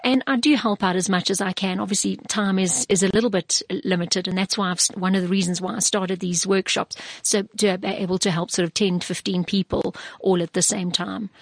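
A woman's voice: mid-range voice, steady tone, brisk, few pauses, no echo. Chatty South African woman, very dry sound. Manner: chatty, with many restarts and fillers. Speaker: property investor and mentor. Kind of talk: casual interview talk.

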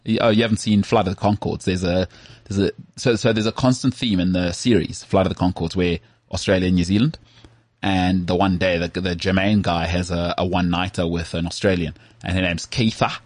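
Man, low voice, casual podcast banter, dry close sound. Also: brisk, dry recording. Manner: joking, animated storytelling with frequent "mate" and laughs. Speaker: podcast co-host. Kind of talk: casual sports podcast chat.

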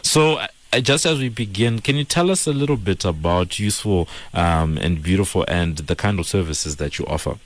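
A man hosts a business radio show. His voice is very deep, and he fills his sentences with hesitant ums and uhs. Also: lively intonation, moderate pace, few pauses. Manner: hesitant with many fillers.

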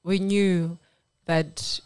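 A woman from South Africa telling her faith testimony on a radio talk show, earnest and animated. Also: lowish voice, drawn-out words, clean tone. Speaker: guest sharing testimony.

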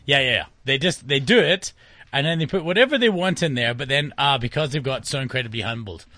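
A man ranting casually on a radio talk show, animated and laughing as he goes. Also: a little high, brisk, no echo. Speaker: guest commentator.

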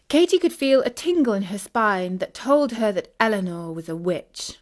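A woman narrating a children's audiobook, clear and expressive. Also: mid-range voice, moderate pace, few pauses. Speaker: storyteller.

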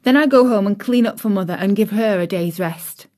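A woman's voice: medium pitch, brisk, warm tone, lightly acted. A woman voicing a cheerful, chatty young serving girl, homely and outspoken.

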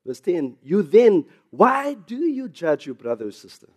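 Casting: South African male pastor, lively sermon delivery, slightly higher voice. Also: moderate pace, husky. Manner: animated preaching, rising loud on emphasis, with chuckles and asides.

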